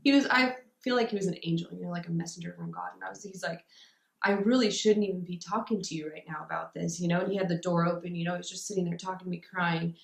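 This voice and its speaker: A woman's voice: fairly low pitch, steady tone, quick pace, creaky. A young woman telling her personal recovery story in an interview, talking casually and rambling with many fillers. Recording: roomy echo.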